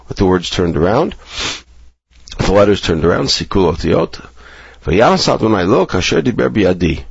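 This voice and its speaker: Deep gravelly male teacher reading scripture. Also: no room sound. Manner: reads the Hebrew then explains it, lifting pitch for quoted speech. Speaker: Bible teacher. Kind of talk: text study lesson, reading and translating verse by verse. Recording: dull, lo-fi recording.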